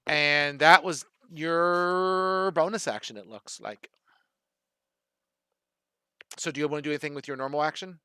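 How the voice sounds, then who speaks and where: Dungeon master, male, philly accent, bright and crisp, dry close sound, rules read aloud. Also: a little high, a little slow, pauses often, dry recording. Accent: Philadelphia. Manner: thinking aloud while reading rules. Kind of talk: running an online tabletop game.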